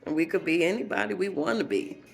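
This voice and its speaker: A woman's voice: lowish voice, quick pace, creaky, soft background music. A woman telling rambling comedic stories and laughing often at her own jokes. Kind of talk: comedic monologue.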